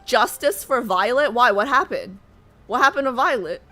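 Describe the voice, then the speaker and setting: A chatty woman streamer with a high, bright voice that swings lively up and down. She talks straight to her chat and reads game text aloud between excited bursts. Faint music sits underneath. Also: normal speed. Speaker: livestreamer. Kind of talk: casual live-stream chat and reading aloud.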